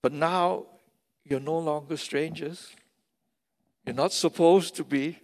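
A man delivering a sermon at an unhurried, deliberate pace, with a gravelly edge in his voice. He drives his points home by repeating key phrases. The sound carries a long reverb, as if from a large church hall. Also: fairly high pitch, fairly even intonation, a little mellow. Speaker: pastor.

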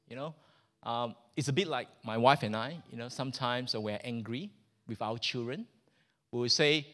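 Bright-voiced casual male preacher. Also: medium pitch, moderate pace. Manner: casual, joking, questions the congregation. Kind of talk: sermon.

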